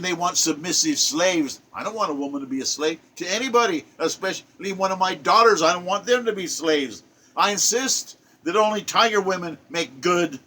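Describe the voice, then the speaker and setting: A man's voice: a little high, a bit bright. An older man delivering a preachy, exhortative spoken monologue, driving his points home by repeating them. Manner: exhortative, preacherly, repetitive emphatic phrasing. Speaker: self-published poet giving a monologue.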